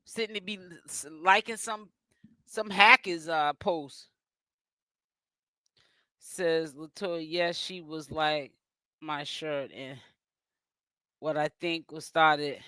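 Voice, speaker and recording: Man from boston, livestream host, bright voice, dry close sound, casual and chatty. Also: a little high, takes it slowly, pauses often, clean tone, dry recording. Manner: chatty, addresses chat and guests directly.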